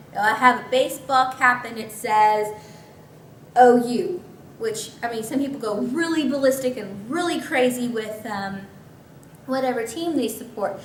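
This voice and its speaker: A woman's voice: on the high side, a little slow. A woman pastor teaching scripture in a conversational way, with chatty asides. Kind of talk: Bible teaching. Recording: echoey room, mic at a distance, faint noise.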